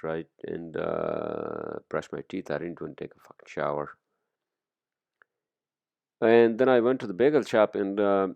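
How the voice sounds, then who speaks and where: A man talks through a loose solo podcast monologue, rambling and swearing freely between fillers. His voice sits very low with a gravelly fry, and the recording is dry and close. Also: a little mellow, no echo. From immigrant to the US. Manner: rambling, profane, many fillers. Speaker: podcast host. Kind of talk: casual monologue.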